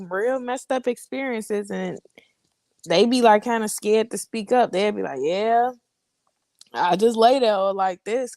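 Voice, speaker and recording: A woman's voice: medium pitch, a little mellow, no room sound. A woman co-hosting a podcast, talking frankly and with measure in casual chat. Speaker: podcast co-host.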